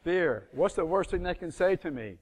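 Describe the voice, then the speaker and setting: A man's voice: high voice, expressive, normal speed. A middle-aged man leading a live real estate seminar, quizzing the audience with fill-in questions and acting out phone calls.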